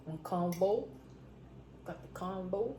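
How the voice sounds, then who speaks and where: A woman's voice: fairly low pitch, animated, slow. A woman telling stories to camera in a casual vlog, emphatic, repeating phrases for stress. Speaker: food vlogger. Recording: roomy echo, faint background noise.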